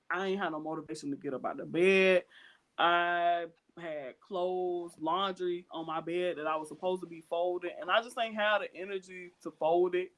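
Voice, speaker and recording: A man's voice: high-pitched, a bit bright. A man co-hosting a podcast, talking earnestly and casually, with frequent fillers and restarts and a habit of acting out what others say. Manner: acts out other people's quoted words. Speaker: podcast co-host.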